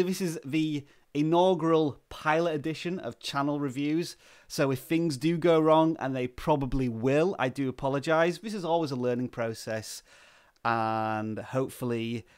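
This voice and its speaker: A man hosting a live stream, greeting viewers by name and talking at a slow, relaxed, deliberate pace with plenty of "uh" fillers, into a desk microphone. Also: medium pitch, clear, resonant tone. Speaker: livestream host. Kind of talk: live-stream chat, reading out viewer names.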